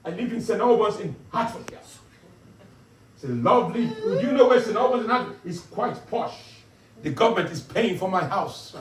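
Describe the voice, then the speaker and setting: A man performing stand-up as a boastful, bombastic self-styled male African dictator who lectures and teases his audience. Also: a little hiss or hum. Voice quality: booming, boastful, commanding. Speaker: stand-up comedian. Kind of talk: character stand-up comedy. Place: pub gig room. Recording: echoey pub, distant mic, loud crowd.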